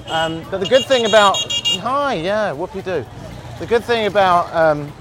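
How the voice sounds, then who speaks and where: A man with a voice on the high side hosts a travel podcast while walking through an outdoor street market, amid a noisy background. He chats in a rambling way, dropping wry asides and quickly correcting himself.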